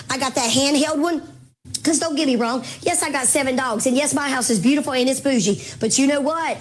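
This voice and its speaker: High pitched lady doing a live sale stream, calls everyone baby girl, voice kinda wearing out, little clicks in the background. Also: slight background noise. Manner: chatty, calls viewers baby girl and mama. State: losing her voice. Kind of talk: casual live-stream sales chat.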